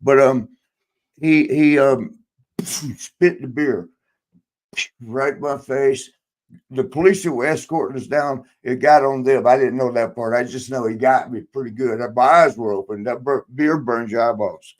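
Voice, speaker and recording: A man's voice: medium pitch, a little slow. Rambling, profane older man telling stories. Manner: rambling, profane, laughs often, acts out quotes. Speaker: podcast host, former wrestler. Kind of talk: casual storytelling chat.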